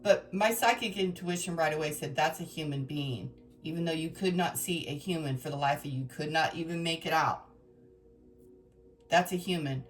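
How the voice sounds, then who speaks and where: Woman, tarot reader, emotional rambling storytelling, lower voice, soft music behind. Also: normal speed. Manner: emotional, rambling, dramatic retelling. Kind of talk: personal storytelling to viewers.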